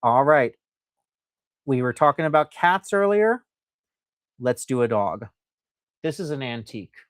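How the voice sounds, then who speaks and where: A man's voice: medium pitch, sing-song, a little slow, dry recording, clean studio sound. A man hosting a live stream that sells antiques, talking chattily and enthusiastically, reading out viewer comments in a loose, rambling way. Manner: loose and rambling, with frequent fillers. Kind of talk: live sales presentation.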